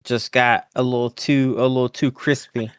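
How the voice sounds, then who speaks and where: Giggly podcast co-host, mid-pitched voice. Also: moderate pace, clear, resonant tone, dry recording, studio quality. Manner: laughs easily, animated retelling with mock quotes. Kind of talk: casual wrestling recap chat.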